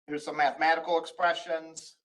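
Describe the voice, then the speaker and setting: High-voiced man lecturing on code. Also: little pitch movement, fairly quick, fairly bright tone, low-quality recording. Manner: explains step by step, frequent "uh" and restarts. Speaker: college instructor. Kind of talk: recorded screen-share lecture.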